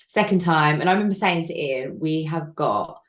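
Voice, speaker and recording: A woman in her thirties, an interview guest telling a personal story candidly, with frequent pauses and fillers. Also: low voice, lively intonation. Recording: echoey room.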